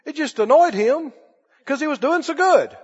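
A man's voice: very high-pitched, animated, moderate pace. A man preaching a sermon, emphatic and repetitive, calling on the congregation to answer back. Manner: emphatic, repeats phrases, calls for congregation response. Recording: dull lo-fi with long hall reverb.

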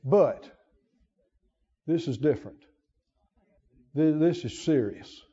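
A man preaching a sermon, animated, acting out quotes and shouting at the peaks. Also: on the high side, slow pace, husky, highs cut off.

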